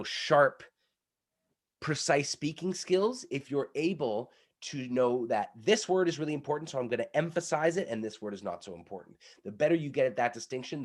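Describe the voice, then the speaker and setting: A man coaching public speaking, energetic and demonstrative, while he is sick. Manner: energetic, demonstrative, shifts between loud pitch demos and quieter explanation. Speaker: pitch coach. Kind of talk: coaching workshop talk.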